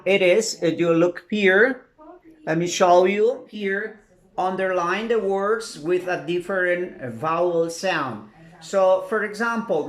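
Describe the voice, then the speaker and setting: A woman with a Colombian Spanish accent teaching an English lesson to students, halting and repeating words as she drills sounds. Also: fairly low pitch, a bit bright.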